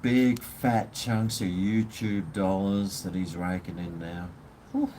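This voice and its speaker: A man's voice: deep voice, steady tone, slow, warm tone, a little hiss or hum. A man with an Australian accent, ranting bluntly and swearing as he chats casually with viewers on his livestream. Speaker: live stream host.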